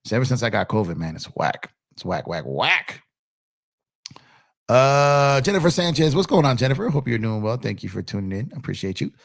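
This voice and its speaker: A man chats casually on a live stream, laid-back and prone to repeating himself as he reads messages aloud. His voice is gravelly, still a little rough from a recent cold. The sound is dry and close, with no room around it. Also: mid-range voice, sing-song, a little fast, no echo. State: recovering from a cold. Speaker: sports stream host.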